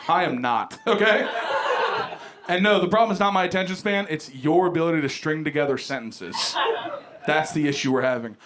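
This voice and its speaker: Brash, animated young stand-up comedian. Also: male voice, on the high side, brisk. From Ohio. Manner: brash, profane, animated storytelling. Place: comedy club stage with live audience. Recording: live club recording with audible crowd noise.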